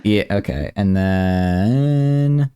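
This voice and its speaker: A man's voice: fairly low pitch, extremely slow, dull audio, a crowd in the background. A man hosting a live stream, chatting casually in a playful, teasing way with frequent restarts. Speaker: streamer and host.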